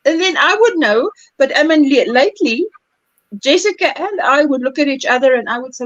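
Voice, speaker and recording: A woman hosts a casual crochet livestream, her voice high and swinging widely in pitch as she laughs and reads out comments. The sound is close and dry, with no room around it. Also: lively intonation, moderate pace, fairly bright tone, dry recording, muffled recording. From South Africa. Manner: laughs often, reads viewer comments aloud.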